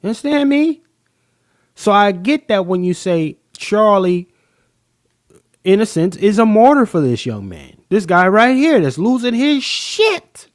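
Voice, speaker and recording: A man hosting a live-stream talk show, talking straight to his viewers in an animated, profane, casual way. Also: high-pitched, measured pace, dry recording, clean studio sound.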